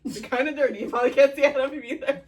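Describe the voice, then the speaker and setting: A podcast co-host in casual chat who fires quick questions and giggles often. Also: high voice, fairly even intonation. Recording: distant mic with faint noise.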